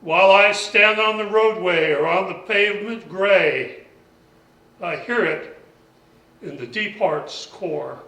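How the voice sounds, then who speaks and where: A man reading a poem aloud in a measured, deliberate way at a poetry salon. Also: high voice, bright, forceful tone. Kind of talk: slow poetry recitation. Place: lounge bar, indoors. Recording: echoey room, voice from far off.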